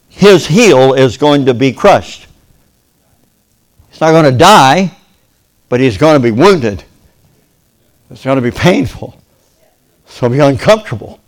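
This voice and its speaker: A man preaching a sermon in a folksy, playful way, calling for amens from the congregation. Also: medium pitch. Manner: folksy, playful, acts out voices and a "ding" sound; calls for amen from the congregation.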